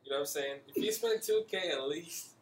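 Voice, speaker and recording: A man's voice: a little high, brisk. A man co-hosting a podcast in casual chat, offhand and slangy, swearing and laughing. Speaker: podcast co-host. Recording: echoey room with faint noise.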